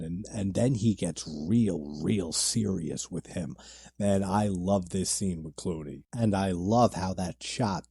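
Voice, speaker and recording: A man's voice: lowish voice, mellow, husky, no room sound, studio quality. A man giving casual, enthusiastic commentary on a horror movie, retelling scenes loosely with laughs and fillers.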